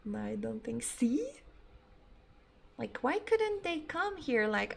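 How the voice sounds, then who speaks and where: A woman's voice: fairly high pitch, sing-song, takes it slowly, creaky, pauses often, fairly bright tone. A young woman whose first language is not English, chatting casually and swearing freely as a game streamer. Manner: chatty, swears often, laughs easily. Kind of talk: casual live-stream chat.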